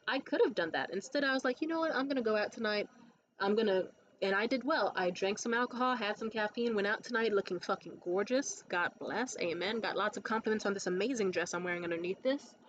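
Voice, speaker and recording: A woman's voice: medium pitch, muffled recording, slight background noise. A woman producing comedy shows, telling a blunt, profane story in a casual rant to camera.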